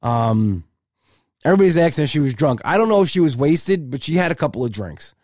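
A man's voice: a little high, very animated, a little fast, darkish tone, no room sound, studio quality. A male comedian telling a story casually and chattily, acting out both sides with repeated "I said".

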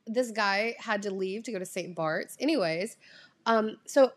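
A young woman talks straight to camera in a loose storytime vlog. She rambles, full of "like" and "um" and the odd swear. Her voice sits in an ordinary middle pitch. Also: measured pace. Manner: chatty, animated, lots of fillers and swearing. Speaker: vlogger.

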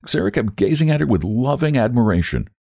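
A man narrating a story aloud with a measured, expressive reading. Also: mid-range voice, creaky, no room sound, studio quality. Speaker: audiobook narrator.

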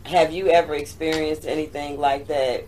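A man's voice: a little high, steady tone, moderate pace, a little mellow. A man interviewing a guest in a loose, chatty way, often asking "you know what I'm saying". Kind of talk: casual interview chat. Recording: distant mic, faint background noise.

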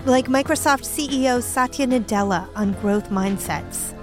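Female host, scripted promo read, upbeat and polished, higher register. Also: normal speed, soft background music. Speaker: podcast host reading a promo.

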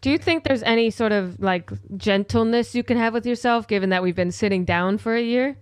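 A woman chatting casually, supportive but blunt and quick to tease. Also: a little high, clear, resonant tone, dry recording. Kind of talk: casual chat.

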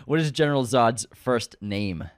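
A man's voice: medium pitch, lively intonation, unhurried, dry recording, clean studio sound. A man co-hosting a podcast in casual chat, teasing his partner and running a quiz. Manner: teasing, quizzing. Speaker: podcast co-host.

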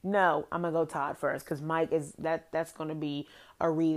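A woman's voice: sits low, moderate pace, gravelly. A woman hosting a casual recap podcast, profane and sassy, ranting animatedly about reality TV. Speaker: podcast host.

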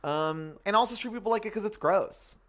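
A man's voice: high voice, fairly quick. A man co-hosting a podcast in casual, campy chat, swearing freely. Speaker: podcast co-host.

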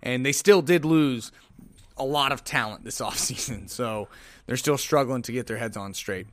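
A man's voice: medium pitch, moderate pace, a bit bright. A man hosting a casual solo sports podcast, rambling with sarcastic asides.

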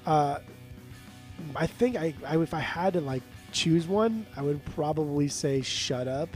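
A man's voice: fairly high pitch, unhurried, faint music behind. A man co-hosting a podcast, telling rambling stories in casual chat, full of "like" fillers. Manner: rambling storyteller, lots of "like" fillers. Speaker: podcast co-host.

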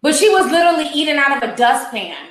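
Gossipy woman doing commentary on a video, high bright voice, laughs a lot, echoey room. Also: fast talker. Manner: animated, laughing, gossipy and profane. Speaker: commentary vlogger. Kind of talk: casual commentary chat.

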